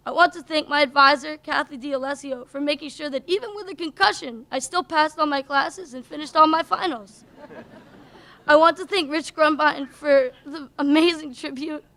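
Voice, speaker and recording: A woman's voice: sits high, bright, forceful tone. A young woman giving a heartfelt commencement thank-you speech as a graduating student, working through a list of names. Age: young adult. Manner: heartfelt, lists names one after another. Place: college commencement stage.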